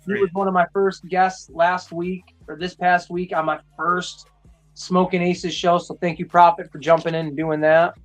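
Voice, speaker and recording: A young man hosts a casual live stream, his voice sitting high. He rambles freely, swears often and laughs easily. Faint music plays behind him. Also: level tone. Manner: profane, rambling, quick to laugh. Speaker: host.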